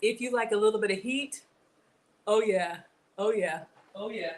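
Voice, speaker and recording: A woman's voice: medium pitch, normal speed, low-quality recording. A middle-aged woman hosting a casual cooking livestream, chatting with viewers, greeting them by name and laughing often. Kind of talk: casual live cooking chat.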